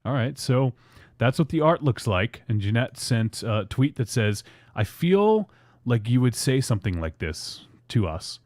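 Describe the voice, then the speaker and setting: A man's voice: mid-range voice, big pitch swings, a little slow, a little mellow, dry recording, clean studio sound. A man hosting a casual podcast, reading fan tweets aloud in a loose, rambling way. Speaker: podcast host.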